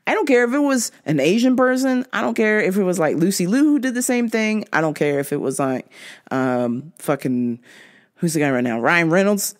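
A woman's voice: mid-range voice, very animated, moderate pace. A woman hosting a podcast, ranting bluntly and profanely in a casual monologue, often laughing. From half Jamaican. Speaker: podcast host.

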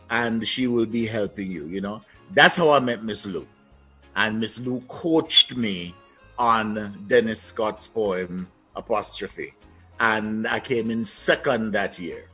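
A man from Jamaica with a Jamaican accent, a guest telling lively stories in a casual interview. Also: mid-range voice, slightly rough. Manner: lively, anecdotal, trailing-off phrases.

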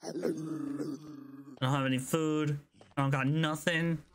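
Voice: mid-range voice, steady tone, unhurried, a little hiss or hum. A gaming video creator giving casual gameplay commentary, jittery and repeating phrases over and over when flustered, with nervous laughs.

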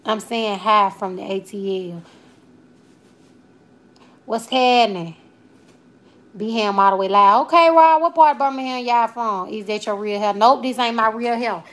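A woman's voice: medium pitch, unhurried, pauses often, a bit bright. A woman in her twenties with a Southern Alabama accent hosts a casual livestream. She talks loosely and playfully, sprinkling in Southern slang as she answers comments from her viewers. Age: 20s. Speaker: comedian and livestream host.

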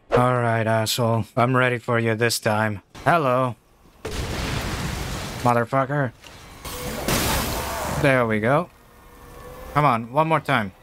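A man in the middle of a horror game, talking at an unhurried, drawn-out pace in a mid-range voice. His casual commentary breaks into sudden startled yelps and curses. A faint hiss sits under his voice. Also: medium pitch, fairly even intonation. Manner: slow, drawn-out talk that jumps to startled shouts and curses. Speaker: gamer playing a horror game. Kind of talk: casual let's-play commentary.

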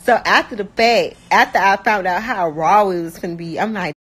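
A young woman from Miami with a Miami accent, chatting casually and bluntly, talking fast with lots of slang and filler words. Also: medium pitch, fairly bright tone, breathy edge, poor audio. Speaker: rapper talking about her life. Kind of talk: casual chat.

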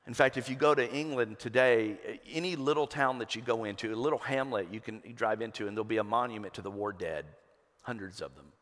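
A man preaching a sermon as pastor, rising to loud emphatic peaks and dropping to hushed lows. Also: a little fast. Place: church sanctuary. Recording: long hall reverb.

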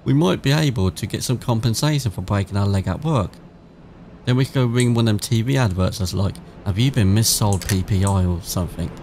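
Over a noisy background, an English gaming YouTuber with a fairly low, gravelly voice talks through a let's-play. His British-accented commentary is casual and chatty, full of swearing, and he reads the game's text out loud.

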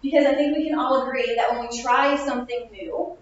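High-voiced young woman, echoey room. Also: fairly even intonation, a little fast. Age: 20s. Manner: upbeat, chatty, self-mocking. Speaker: opening speaker. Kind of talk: motivational speech. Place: classroom. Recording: echoey lo-fi room recording from far off.

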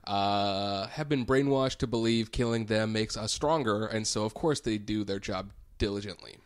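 A man's voice: fairly low pitch, normal speed, no room sound. A man co-hosting a comedy podcast, explaining facts with wry joking asides. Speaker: podcast co-host. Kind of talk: casual comedy podcast chat.

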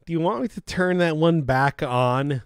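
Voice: mid-range voice, normal speed, smooth, no echo, clean studio sound. A live-streamer chatting casually, grumbling in exasperation, cursing, and laughing often. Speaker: livestreamer.

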